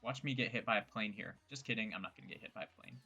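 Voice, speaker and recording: A man's voice: on the low side, fast, creaky, pushed and bright, breathy edge, muffled recording, faint music behind. A young man giving loose, joking commentary while playing a game, rambling and poking fun at his own words. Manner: rambling, joking, self-mocking asides. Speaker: gameplay streamer. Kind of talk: casual gameplay commentary.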